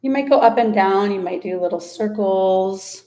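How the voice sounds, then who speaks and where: A somatic practice instructor with a mid-range voice walks listeners step by step through an ear massage and slow breathing. She speaks gently and without hurry, using fillers and restarts. Now and then she pauses to search for a word.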